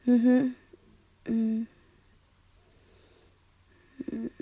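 A young woman in a girlfriend comfort audio role-play, speaking in a soothing, tender, reassuring way with soft hushing. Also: medium pitch, measured pace, long pauses.

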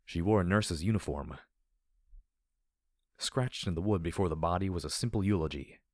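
Man narrating a grim audiobook, super low voice, steady and measured, dead dry sound. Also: dry recording. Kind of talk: audiobook reading of dark fan fiction.

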